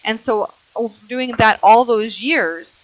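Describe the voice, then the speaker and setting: A woman's voice: fairly high pitch, measured pace. A woman hosting a call-in psychic show, chatting casually with plenty of fillers and frequent laughs. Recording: muffled lo-fi online radio audio.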